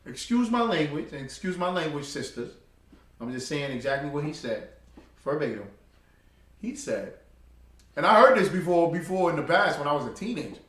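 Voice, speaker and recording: A man preaching a street-style sermon, emphatic and full of slang and rhetorical questions, at times rising to a loud exhortation. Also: a little high, big pitch swings, moderate pace, pauses often. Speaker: preacher teaching a religious group. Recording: echoey room, far from the mic.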